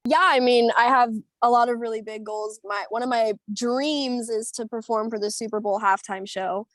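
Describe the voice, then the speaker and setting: Young female singer, high-ish voice, bubbly and rambling, dry close video-call sound. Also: normal speed, no room sound. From United States. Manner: bubbly, animated, rambling with many fillers and laughs. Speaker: singer being interviewed. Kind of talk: casual storytelling over a video call.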